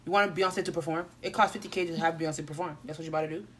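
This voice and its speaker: A woman's voice: low voice, steady tone, racing, a bit bright, a little hiss or hum. A young woman co-hosting a casual chat, ranting sarcastically in heavy slang.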